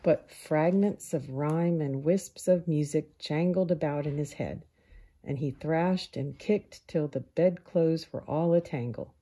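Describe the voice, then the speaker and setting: A woman reading a children's picture book aloud in a calm, unhurried storyteller manner. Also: low voice, husky.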